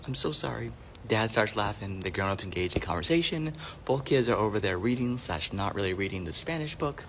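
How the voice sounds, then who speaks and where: A man's voice: on the low side, lively intonation, a little fast, a bit bright, slight background noise. A man working as a librarian, telling heartfelt stories in an earnest monologue that sometimes drops to a whisper. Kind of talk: storytelling monologue.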